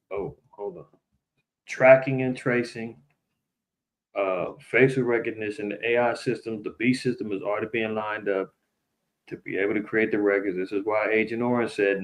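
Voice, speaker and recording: A man hosting a livestream, talking loosely to his viewers and often turning to address them directly. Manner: loose and conversational, addresses viewers directly, mimics people in higher voices. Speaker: livestream host. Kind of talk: casual livestream commentary.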